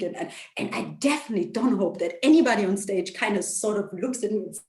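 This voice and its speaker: A woman telling a personal story in a casual interview, emotional and halting, with many restarts, over a video call. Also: mid-range voice, darkish tone, roomy sound. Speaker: interview guest, actress.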